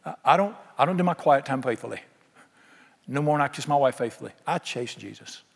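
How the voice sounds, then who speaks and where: The preacher's gravelly, medium-pitched voice is animated and brisk as he delivers his sermon. He tells homespun stories, playing every speaker in them, and the sound carries a long hall reverb.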